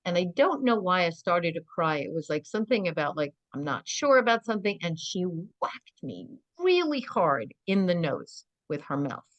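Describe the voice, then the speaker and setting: A middle-aged woman with a notably low voice recounts her experiences as a podcast guest. She talks in an earnest, animated way, with frequent "you know"s. The recording is dry and close, with no room echo. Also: moderate pace, hardly any pauses, dull audio. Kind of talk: podcast interview storytelling.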